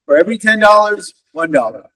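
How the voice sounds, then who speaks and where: A man's voice: high voice, lively intonation, a little fast, fairly bright tone. A man giving a motivational career talk to students, engaging them and often checking in with "okay?" and "right?". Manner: addresses listeners as "guys". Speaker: guest career speaker, wealth advisor. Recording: distant mic on a virtual event.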